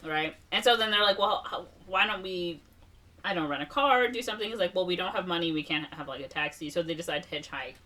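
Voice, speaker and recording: A young woman on a podcast, animatedly retelling a film and slipping into quick impressions of its characters. Her voice is bright and a touch forceful, and she sits a little back from the mic. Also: on the low side, far from the mic. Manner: animated retelling, acting out characters' lines with laughs and fillers. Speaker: podcast co-host. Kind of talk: casual movie recap chat.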